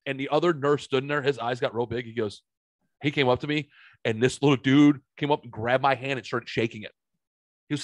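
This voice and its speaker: A man's voice: medium pitch, fairly even intonation, fairly quick, no echo. A man hosting a podcast, telling a rambling story with lots of swearing and fillers. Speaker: podcast host. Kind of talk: casual storytelling chat.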